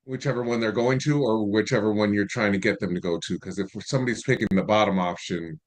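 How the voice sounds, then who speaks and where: Low-voiced man, relaxed talk. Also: fast. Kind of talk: casual group discussion.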